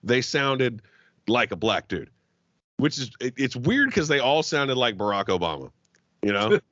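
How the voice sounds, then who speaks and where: A man's voice: medium pitch, animated, a little slow, fairly bright tone, no room sound, lo-fi sound. A man co-hosting a podcast, swearing freely and laughing as he jokes, with frequent stumbling restarts. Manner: profane, joking, laughs often, trailing restarts. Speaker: podcast co-host. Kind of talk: crude comedic podcast banter.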